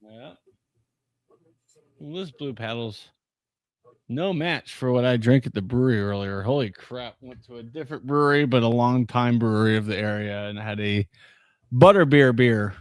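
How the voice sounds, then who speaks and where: A man's voice: medium pitch, moderate pace, smooth, no room sound. Chatty, laughing man telling stories. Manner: chatty storyteller, laughs often. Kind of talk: casual chat.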